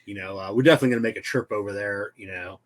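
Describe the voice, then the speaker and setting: A man co-hosting a casual podcast, speaking haltingly with many fillers and restarts. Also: fairly low pitch. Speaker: podcast co-host. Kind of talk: casual chat.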